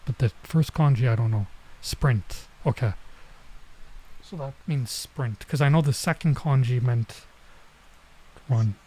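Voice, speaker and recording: A man streaming as he reads a manga aloud, thinking out loud and hesitating while he works out translations. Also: medium pitch, a little slow, long pauses, breathy edge, low-quality recording.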